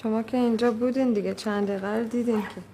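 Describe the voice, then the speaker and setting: An actress playing a brisk woman in a filmed drama scene, speaking in an everyday manner. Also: on the high side, steady tone, warm tone, a little hiss or hum, lightly acted.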